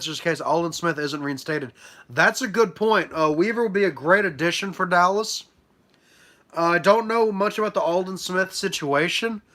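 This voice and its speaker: Reacting live to a sports draft, a young man hands out letter grades to each pick in a chatty, filler-heavy way, with plenty of ums and uhs. Allergies leave his nose stuffy, and his voice is high with a sharp tone.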